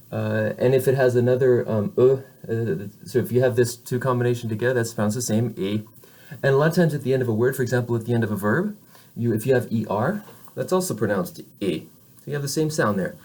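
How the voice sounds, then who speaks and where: A man's voice: medium pitch, darkish tone. A man whose first language is English, teaching French pronunciation in a recorded lesson, patient and hesitant, with many fillers as he demonstrates vowel sounds. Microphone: camera facing the speaker.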